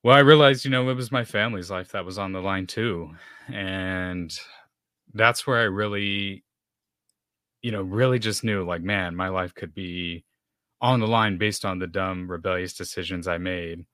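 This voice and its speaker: Low-voiced man telling his story. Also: moderate pace, pushed and bright, no echo, clean studio sound. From Texas. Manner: storytelling with many fillers, acts out dialogue. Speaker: podcast guest. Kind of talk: personal testimony in conversation.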